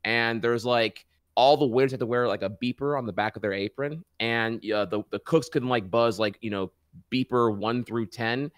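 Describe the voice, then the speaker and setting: A man's voice: medium pitch, moderate pace, smooth, no room sound, clean studio sound. A man co-hosting a casual podcast chat, telling rambling, profane stories full of fillers. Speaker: podcast co-host.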